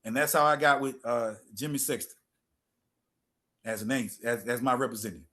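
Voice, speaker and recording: A man's voice: mid-range voice, moderate pace, a bit bright. A middle-aged man, a former football player telling stories as a guest in a casual interview and repeating phrases for emphasis.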